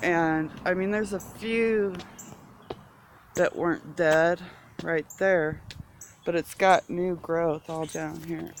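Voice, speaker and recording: A woman's voice: fairly low pitch, fairly even intonation, slow, slight background noise. A woman gardening vlogger sounding stuffy and congested, chatting in a rambling, self-interrupting way outdoors in her garden. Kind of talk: casual chat.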